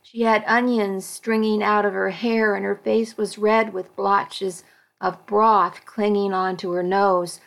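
Slow, careful woman narrator. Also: mid-range voice, flat delivery, gravelly. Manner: slow, careful, with small self-corrections. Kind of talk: storybook narration.

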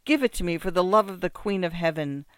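A man's voice: high voice, fast, smooth, dry recording, clean studio sound. A man voicing a drunk, grieving peasant who pleads and threatens through tears. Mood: anguished. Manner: loud, tearful, pleading and threatening.

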